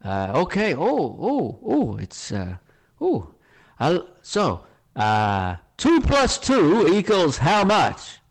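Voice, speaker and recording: A man's voice: fairly high pitch, wildly swooping pitch, slow, voice pushed up, heavily acted. A blustering older boss with an American accent, as a man puts him on, his voice swooping up and down as he rambles along full of fillers. He drawls and dawdles over every question. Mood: coaxing.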